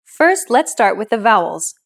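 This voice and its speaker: A woman hosting a language lesson, explaining pronunciation in clear, encouraging scripted narration. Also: medium pitch, very animated, measured pace.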